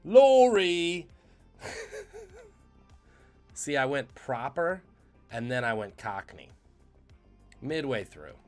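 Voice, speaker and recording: A man's voice: medium pitch, huge pitch swings, drawn-out words, pauses often, a bit bright, faint music behind. A man hosting a live trivia stream, joking and reading out the chat's guesses. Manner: jokey, punning, reads chat aloud. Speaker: trivia quiz host.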